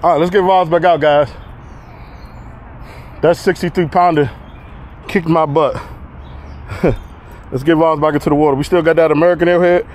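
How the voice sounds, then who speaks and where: Brief: high-pitched man, breathless, excitable outdoor vlogger, faint noise behind. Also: normal speed, pauses often. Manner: excitable, shouting exclamations, talks to viewers as "y'all" and "guys". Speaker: fishing vlogger. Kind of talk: excited outdoor vlog commentary. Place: outdoors on a riverbank.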